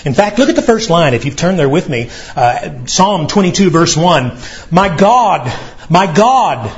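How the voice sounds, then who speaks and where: A man's voice: fairly high pitch, highs cut off. A man preaching a sermon as pastor, earnestly explaining and reading scripture aloud to his congregation.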